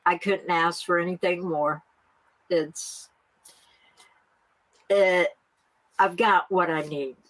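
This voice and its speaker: A woman's voice: lowish voice, steady tone, low-quality recording. A middle-aged woman farmer from the United States, chatting as an interview guest and laughing often as she talks. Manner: slow, laughs often while talking. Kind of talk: casual interview talk.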